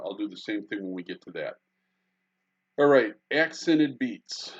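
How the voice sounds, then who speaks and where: Brief: man, low voice, music teacher lecturing on conducting, halting delivery with fillers, dull lo-fi recording. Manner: halting, with many fillers and sung beats. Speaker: music instructor.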